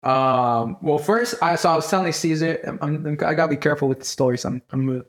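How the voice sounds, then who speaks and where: A man's voice: a little high, fast. A young man co-hosting a podcast, telling a rambling story in casual chat and acting out what his friends said. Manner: rambling, animated, acts out quoted friends. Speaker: podcast co-host.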